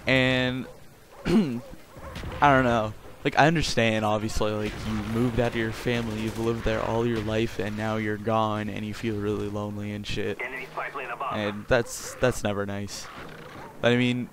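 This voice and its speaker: A man's voice: on the low side, level tone, normal speed. A sixteen-year-old boy from Canada, rambling crudely and jokingly through casual gameplay commentary. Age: teens. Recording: game gunfire noise behind voice.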